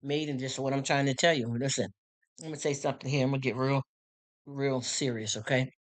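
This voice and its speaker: A woman's voice: extremely low pitch, fairly even intonation, brisk. A middle-aged woman live streaming, talking bluntly and emphatically with many repeated words while reacting to viewer comments. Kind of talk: casual live stream monologue, reading comments.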